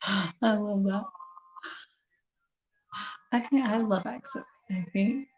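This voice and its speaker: A woman's voice: medium pitch, slow, darkish tone, muffled recording, slight background noise. A woman vlogging casually to her viewers, chatty and rambling, laughing as she talks. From Kansas City area. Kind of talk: casual chat to camera.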